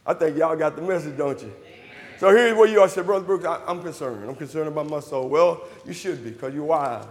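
Preacher guy in church, really high voice, shouts then drops low, asks and answers his own questions, echoey hall. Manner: call-and-response preaching, asks questions and answers them himself; swings from shouts to low murmurs. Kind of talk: sermon. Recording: hall reverb.

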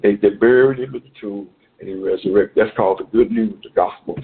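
Low-voiced preacher on tinny radio. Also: male voice, a little fast, vocal fry. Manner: preacherly, rhythmic repetition. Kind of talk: radio Bible lesson. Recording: tinny phone-like radio audio.

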